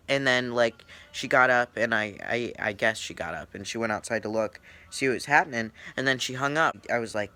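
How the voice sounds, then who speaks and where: A young man telling a story time vlog in an excited, rambling way, with swearing. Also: medium pitch, a little fast, few pauses. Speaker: YouTuber.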